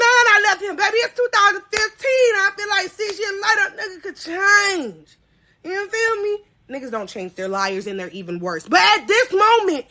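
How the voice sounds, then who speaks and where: A woman in her thirties tells a story on a live podcast, animated and swinging between loud cries and low asides.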